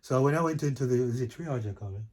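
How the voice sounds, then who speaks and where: A man's voice: medium pitch, quick pace, darkish tone. A young adult man, chatting in an easygoing way as co-host, often checking he is understood. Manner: easygoing, laughs often, repeats "if you get what I mean". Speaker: co-host of a couples channel. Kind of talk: casual chat.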